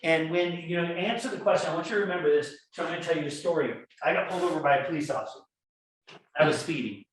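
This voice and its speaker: A man lectures at a conference with lively, storytelling energy, acting out the voices in his examples. His voice sits a bit high for a man and carries heavy room echo from a distance, as if picked up in a large hall. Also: fast. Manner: animated storytelling, acts out quoted dialogue. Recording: echoey hall, speaker far from mic, faint noise.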